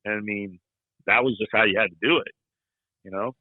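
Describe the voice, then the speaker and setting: This is casual storytelling from a middle-aged man whose voice sits on the low side and moves fairly fast. His tales ramble in a folksy, teasing way, thick with "you know," heard over phone-quality sound with no room sound.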